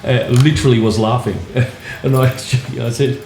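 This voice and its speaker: A man's voice: medium pitch, moderate pace. Laid-back man telling stories. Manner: relaxed, anecdotal, many fillers. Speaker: guitarist. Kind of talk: casual interview storytelling. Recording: roomy echo, faint music.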